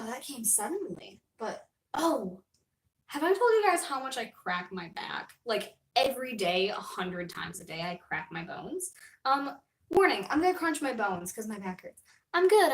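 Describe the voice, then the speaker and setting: A woman's voice: mid-range voice, distant mic. A young woman live streamer chatting casually with her viewers, rambling, giggly and self-deprecating. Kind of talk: casual livestream chat. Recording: roomy echo, voice a little off-mic.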